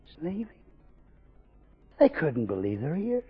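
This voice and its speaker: A man preaching a sermon, swinging from loud fervent declarations to hushed storytelling. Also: fairly high pitch, huge pitch swings, unhurried, slightly rough, faint music behind. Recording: dull recording with long hall reverb.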